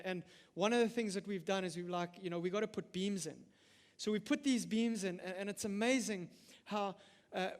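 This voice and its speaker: A middle-aged man preaching a sermon, emphatic, with frequent stammered restarts. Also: high voice. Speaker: pastor. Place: church hall. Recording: long reverb of a church hall.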